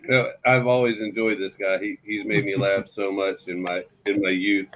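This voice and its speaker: A man's voice: fairly low pitch, flat delivery, moderate pace, dull audio, a little hiss or hum. A man hosting a morning talk show, chatting casually with many restarts and easy laughter. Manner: rambling, restarts and fond laughter. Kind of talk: casual radio chat.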